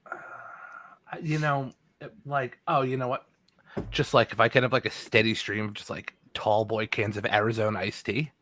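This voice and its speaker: A man's voice: on the low side, fairly even intonation, moderate pace, a bit bright, slight background noise. Laid-back New York man, livestream guest, meandering filler-heavy delivery. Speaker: guest musician. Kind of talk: casual chat.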